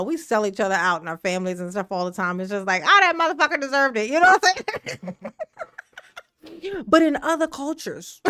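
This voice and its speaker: A woman hosts a casual live stream from home, thanking viewers and riffing in slangy, emotional talk. She laughs often and drawls her words out slowly. Her close microphone sounds dry, with no room echo. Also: fairly high pitch. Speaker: livestream commentary host.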